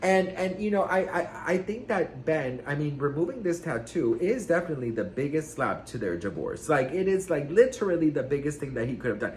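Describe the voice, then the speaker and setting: Sassy, animated gossip vlogger man. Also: fairly high pitch, fairly quick, hardly any pauses, slight background noise. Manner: sassy, dramatic, swears freely. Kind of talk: casual celebrity gossip vlog. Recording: roomy room echo.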